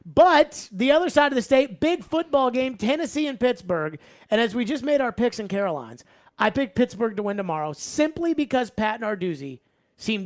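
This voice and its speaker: Male sports radio host, lively and punchy, mid-range voice. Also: very high voice. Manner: energetic, shifts from loud openings to quick asides.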